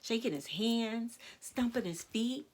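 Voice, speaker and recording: A woman reads a children's picture book aloud, slow and unhurried. Her voice is high and bright and swoops up and down. She keeps turning to her young listeners with questions. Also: lively intonation. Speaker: children's storyteller and teacher.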